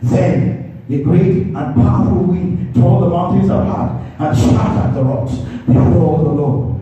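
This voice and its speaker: Male pastor, high and very mellow voice, emphatic repeating sermon delivery; booming echoey sanctuary, mic far off. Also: unhurried. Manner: emphatic, repeats points, calls on the congregation. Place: church sanctuary. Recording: echoey church hall, distant dull mic.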